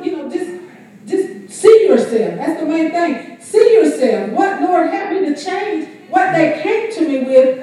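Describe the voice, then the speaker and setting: A woman's voice: high voice, dark tone. A woman teaching Sunday school, calling out questions for the congregation to answer. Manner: asks the congregation to fill in words. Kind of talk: church teaching with call-and-response. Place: large church hall. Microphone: room mic far from speaker. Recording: echoey church hall from far off.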